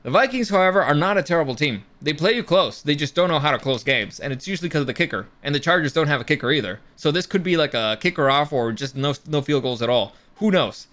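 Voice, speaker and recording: Man, co-host, casual sports talk, excitable, profane, somewhat high voice. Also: fast talker, hardly any pauses. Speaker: podcast co-host.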